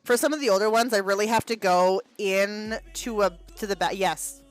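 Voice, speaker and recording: A woman's voice: mid-range voice, normal speed, soft background music. A woman in her thirties chats casually on a livestream, reacting to her viewers with frequent laughter and a lot of swearing. Her voice sits in an ordinary middle register. The sound is dry and close, with no room echo. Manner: profane, laughing, reacting to chat. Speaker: livestream host.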